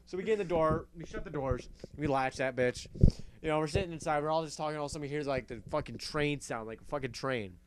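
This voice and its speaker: A man with a fairly high voice hosts a casual talk show and tells a story in a swearing, animated way. He laughs often while he talks. A faint hiss sits behind the voice. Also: fast talker. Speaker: host.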